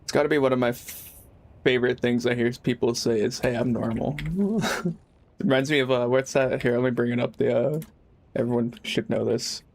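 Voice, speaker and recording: A man's voice: mid-range voice, fairly even intonation, fairly quick. A young man chatting casually while streaming a game, rambling and laid-back, swearing freely. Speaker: live streamer. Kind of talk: casual gaming livestream chat.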